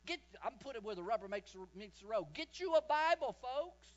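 A man preaching a sermon, impassioned, slowing down and swelling his voice for emphasis. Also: very high voice, animated, highs cut off.

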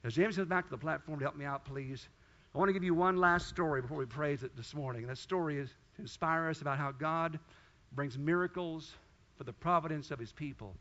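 A man's voice: a little high, a little fast, sharp tone, lo-fi sound. A man pastor preaching a sermon, telling a story and then rising into fervent, pleading prayer.

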